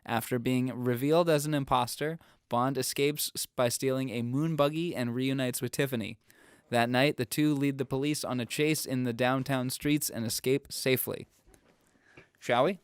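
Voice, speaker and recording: A man co-hosting a film podcast in casual chat, reading a plot recap before ribbing his friends with mock offense. His voice is smooth and clean at a middling pitch. The recording is dry and close. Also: steady tone, normal speed, no room sound. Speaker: podcast co-host.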